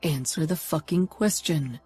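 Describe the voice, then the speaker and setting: A woman's voice: low voice, a little slow, mellow, breathy edge, no room sound, soft background music, heavily acted. A woman reading an audiobook and voicing an angry young mafia man who snarls and swears.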